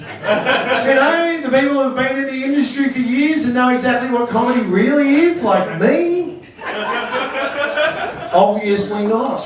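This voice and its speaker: A middle-aged man hosting a comedy night, sarcastic and crude, with a notably high voice. He is miked on stage but heard from far off in a very echoey room, with the crowd laughing behind him. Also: expressive, measured pace. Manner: brash, profane, sarcastic. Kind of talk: stand-up hosting banter. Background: audience laughter.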